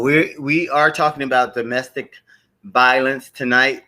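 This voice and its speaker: A man's voice: medium pitch, fairly even intonation, unhurried, bright, forceful tone. A man hosting a live stream show, chatting casually, greeting viewers by name and repeating his welcomes.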